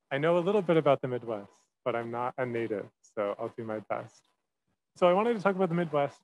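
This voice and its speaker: A man's voice: mid-range voice, darkish tone, a little hiss or hum, rough recording. A man teaching fellow giving a friendly, self-deprecating presentation in an online class. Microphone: video call.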